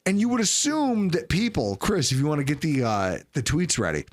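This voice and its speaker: A man's voice: on the high side, big pitch swings, a little fast. A man hosting a sports podcast in a studio, ranting sarcastically. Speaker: podcast host.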